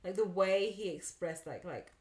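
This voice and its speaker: A woman's voice: mid-range voice, moderate pace. A woman co-hosting a podcast, thinking her points through and often restarting. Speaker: podcast co-host. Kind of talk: casual chat. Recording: roomy echo.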